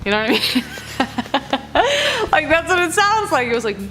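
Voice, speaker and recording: A woman's voice: high voice, big pitch swings, slow pace, pushed and bright. A woman reacting to scary video clips, with jumpy exclamations and chatty asides. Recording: music clearly playing behind.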